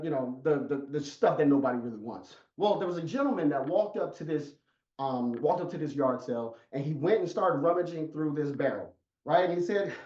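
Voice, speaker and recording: A man coaching an online audience with an emphatic, repetitive storytelling delivery, heard over a video call. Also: a little high. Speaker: life coach. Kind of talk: motivational talk. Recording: echoey, muffled sound.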